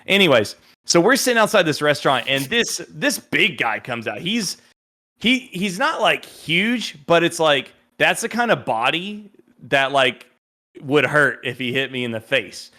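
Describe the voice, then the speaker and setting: Man, podcast guest, animated storyteller, bright voice, slightly high. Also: unhurried. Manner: animated storyteller who acts out quotes. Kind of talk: casual storytelling.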